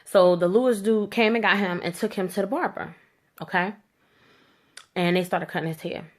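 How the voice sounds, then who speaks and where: A woman telling a story to camera in a blunt, animated rant, with slangy speech and free swearing. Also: mid-range voice, moderate pace. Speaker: vlogger.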